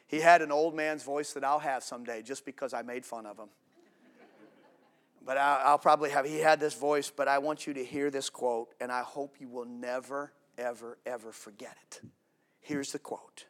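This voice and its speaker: A male pastor preaching a sermon to a congregation, swinging from loud emphatic declarations to hushed quiet lines, with casual asides to the room. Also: medium pitch, steady tone, normal speed.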